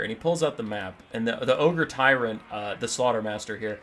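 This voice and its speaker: Man, game commentator, bright voice, animated, jokey storytelling. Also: medium pitch. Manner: animated, jokey, quick asides.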